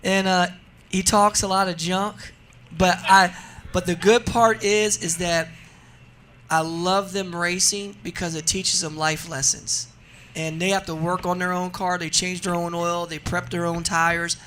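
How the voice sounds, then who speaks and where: A man in his forties from New Jersey, a radio interview guest telling funny stories in a lively, laughing way. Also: sits high, a little slow, slight background noise. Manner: animated, laughing storyteller. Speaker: guest, drag racer. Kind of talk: casual radio interview storytelling.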